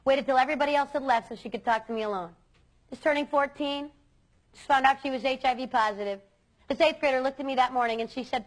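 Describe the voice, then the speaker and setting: A woman with a high voice gives an earnest talk to a room of students. She speaks emphatically and leans hard on key words, with a lively, animated delivery. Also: quick pace. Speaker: youth speaker.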